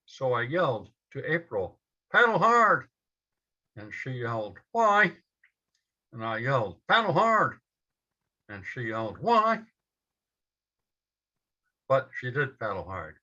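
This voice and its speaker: A man telling a personal story to a live audience, slowly and in short measured phrases. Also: mid-range voice, bright, forceful tone. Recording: dull lo-fi event recording.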